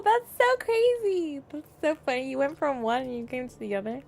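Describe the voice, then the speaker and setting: A young woman with a high, sing-song, gravelly voice streams a game at a moderate pace, chatting with viewers. She's giggly and talkative, reading chat aloud during the casual stream.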